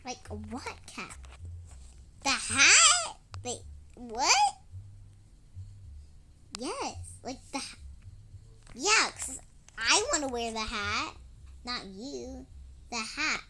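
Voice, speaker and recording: A woman's voice: high voice, sing-song, very slow, long pauses, noisy background. A young girl narrating her own role-play game in a casual, dramatic, giggly way and talking to an in-game duck. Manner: dramatic, giggly, easily startled.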